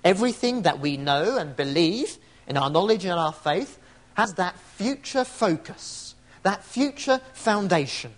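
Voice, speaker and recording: A man's voice: sits high, lively intonation, measured pace. A man preaching an evening sermon, reflective and asking rhetorical tag questions.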